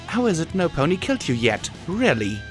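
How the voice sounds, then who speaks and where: A man voicing a wary female pegasus pony with a flat, dry delivery. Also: fairly high pitch, moderate pace, over music, pitched above the performer's own voice.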